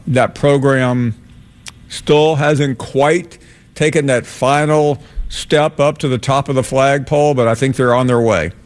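A man hosting a call-in sports radio show, talking in a measured way with many pauses. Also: mid-range voice.

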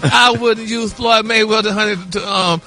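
A man's voice: sits high, fairly even intonation, normal speed, pushed and bright, faint music behind. A man delivering celebrity gossip on a radio show, flamboyant, calling everyone honey and y'all. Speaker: celebrity news reporter.

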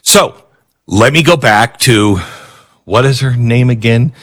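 Male commentary host: brisk, bright tone, sardonic and animated delivery. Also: medium pitch. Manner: animated, sarcastic, chuckling. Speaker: political talk show host. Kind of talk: opinionated commentary.

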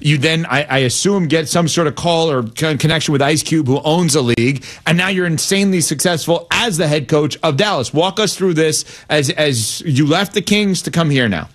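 A man hosting a sports radio and TV show, introducing his guest with a quick list of facts. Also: fairly high pitch. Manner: quick listing of facts, brisk. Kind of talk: interview host introduction.

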